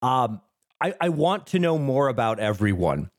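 Brief: man, mid-pitch, enthusiastic podcast co-host, dry close-miked sound. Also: sing-song, normal speed, no room sound. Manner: enthusiastic, descriptive. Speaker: podcast co-host, film discussion. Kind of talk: casual chat.

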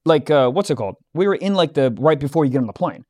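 High-voiced young man telling a rowdy story. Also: fast. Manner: animated, acts out both sides of an argument, swears freely. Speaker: podcast co-host. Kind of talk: casual storytelling chat.

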